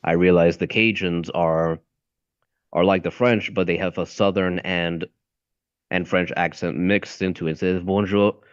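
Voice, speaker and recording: A man's voice: sits low, fairly even intonation, a little slow, smooth, no room sound. A young man and voice acting student chatting casually, rambling and searching for words. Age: young adult. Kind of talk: casual chat. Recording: dull lo-fi audio.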